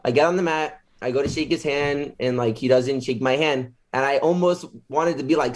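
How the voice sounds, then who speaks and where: A man being interviewed as a guest, casually retelling a story with lots of filler words and animated quotes. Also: medium pitch, normal speed, hardly any pauses.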